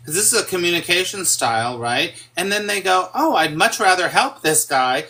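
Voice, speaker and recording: A man's voice: high voice, very animated, normal speed, few pauses, bright, forceful tone. A man talking as a guest in a casual conversation, emphatic, swearing freely and acting out quoted speech.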